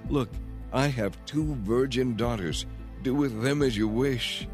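A man's voice: medium pitch, measured pace, faint music behind, voice pushed up, lightly acted. A man voicing Lot as an anxious man who begs and pleads urgently in a storybook reading. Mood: begging. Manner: begging, urgent.

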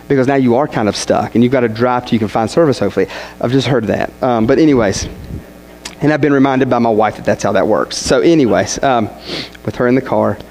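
A man's voice: mid-range voice, darkish tone, low-quality recording. A young man, a student pastor preaching a sermon through a rambling, folksy personal story full of restarts. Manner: rambling, self-interrupting, folksy.

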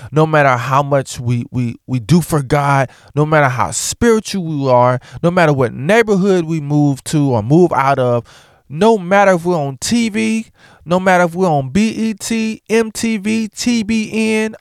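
A man's voice: fairly high pitch, smooth, dry recording, clean studio sound. A man talking casually and outspokenly to the camera, mixing jokes with blunt opinions. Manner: animated, joking, outspoken. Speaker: vlogger.

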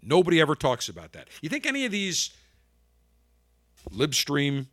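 A man's voice: a little high, wildly swooping pitch, moderate pace, a bit bright, dry recording. Emphatic man with a dry close sound. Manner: emphatic, sarcastic, fires off rhetorical questions. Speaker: talk show host. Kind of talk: political commentary monologue.

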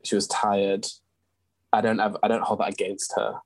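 An English young man with a low, slightly husky voice earnestly and candidly shares a personal story as an interview guest, pausing with ums and restarts. His delivery is flat and normal in speed. The recording is dry, close, low in quality, and free of room sound.

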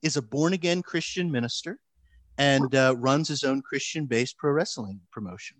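A man telling a long story in casual chat, animated, with frequent restarts and fillers. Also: medium pitch, moderate pace, no room sound.

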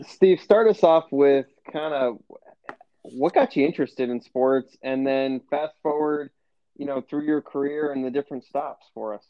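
A young man hosting a podcast, introducing his guest with frequent ums and pauses. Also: medium pitch, highs cut off. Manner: hesitant, many ums and you knows. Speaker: podcast host. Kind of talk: podcast interview host.

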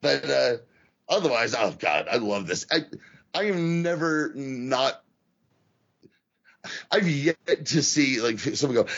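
A man co-hosting a casual wrestling podcast, talking in an animated, profane way and acting out the voices he quotes. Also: medium pitch, unhurried, long pauses, dull audio. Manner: animated, swears a lot, acts out quoted voices. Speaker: podcast co-host.

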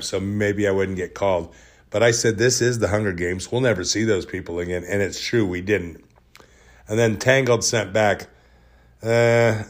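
A man hosting a podcast, telling stories in a rambling, jokey, self-deprecating way. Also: fairly low pitch. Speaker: podcast host. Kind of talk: casual storytelling monologue.

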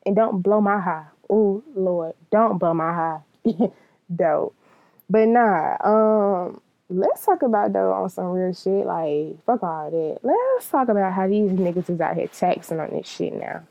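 Gravelly blunt young woman. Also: mid-range voice, animated, measured pace, no room sound, dull audio. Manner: blunt, profane and laughing often. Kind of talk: casual monologue.

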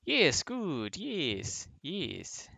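Slow-talking bright-voiced man game master. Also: a little high, creaky, no echo. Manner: laughs often, relaxed with many fillers. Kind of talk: narrating a tabletop game.

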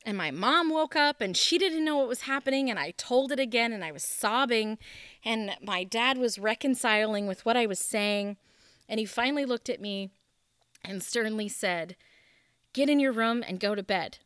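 A woman's voice: fairly high pitch, moderate pace, a bit bright, smooth, dry recording, clean studio sound. A woman leading a small group, telling a personal story in an earnest, candid, conversational way.

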